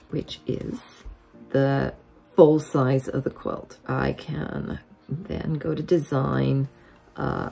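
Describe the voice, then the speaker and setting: A woman hosting a quilting software tutorial, explaining each step methodically as a voice-over. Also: a bass voice, vocal fry.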